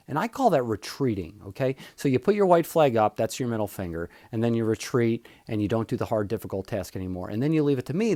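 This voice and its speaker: A man's voice: mid-range voice, darkish tone, no echo, clean studio sound. A younger man hosting his own podcast, talking in a blunt, opinionated solo monologue that rambles with many fillers. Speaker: podcast host, physician.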